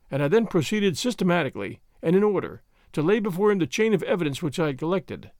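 A man narrating a first-person story in an expressive, measured way. His voice rides high and moves animatedly through each sentence. The sound is close and dry. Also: no echo. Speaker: audiobook narrator.

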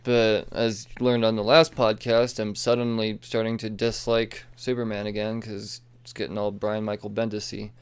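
A man giving a casual, rambling comic book review, excitable and full of swearing and asides. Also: lowish voice, normal speed, few pauses, clean tone.

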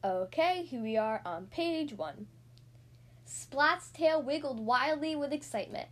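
Woman reading a picture book to little kids on her podcast, high voice, slow and sing-songy. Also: lively intonation, fairly bright tone. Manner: friendly, addresses listeners as guys. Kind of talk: children's story reading.

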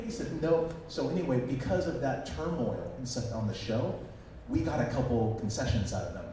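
A man's voice: mid-range voice, moderate pace, a little hiss or hum. Man telling stories in an echoey hall. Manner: animated, acts out quoted voices. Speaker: conference speaker. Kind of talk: storytelling talk to an audience. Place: conference hall. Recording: echoey hall recording from far off.

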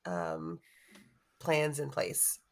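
A woman's voice: deep voice, sing-song, drawn-out words, vocal fry. A woman player in a tabletop game, talking in a chatty, rambling way.

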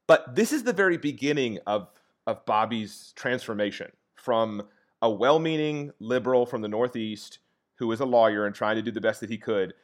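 A man in a relaxed conversation, recounting an episode with lively, animated storytelling. His pitch sits in an ordinary middle range, and he keeps checking in with his listener as he goes. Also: moderate pace. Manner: animated retelling with frequent "like" and "okay?" check-ins. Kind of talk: casual storytelling chat.

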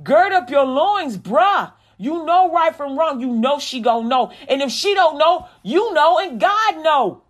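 A woman preacher delivering a sermon, mixing scripture recitation with animated, conversational talk. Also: high voice, measured pace, hardly any pauses.

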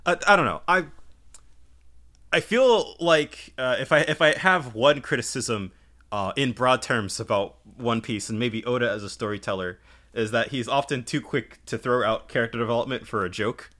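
A man's voice: medium pitch, normal speed, bright, forceful tone. A man co-hosting a casual podcast chat, often hesitating and restarting sentences as he thinks aloud. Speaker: podcast co-host.

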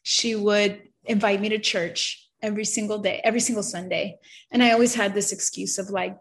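A woman at a mid-range pitch tells her personal testimony in an earnest, emotional way. She halts and stammers through restarts, and she often sinks into a soft, quiet voice. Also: fairly even intonation, moderate pace. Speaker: person sharing a faith testimony.

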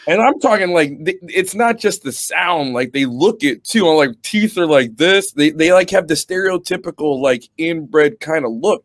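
A man's voice: a little high, animated, moderate pace, no room sound. Profane storytelling man, dry close sound. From New Britain, Connecticut. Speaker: guest, Army veteran and musician. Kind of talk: casual podcast chat.

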